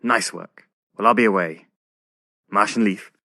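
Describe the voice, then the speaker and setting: An actor playing a sardonic Scottish outlaw with a put-on, inauthentic Scottish accent, dry and matter-of-fact. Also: male voice, on the low side, unhurried, background noise. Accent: attempted Scottish, not authentic. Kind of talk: comic audio drama acting.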